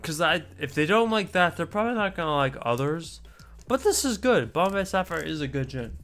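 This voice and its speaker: A man's voice: a little high, very animated, a little fast, a bit bright. A man streaming a casual chat, talking in a rambling, chatty way with asides and mild swearing.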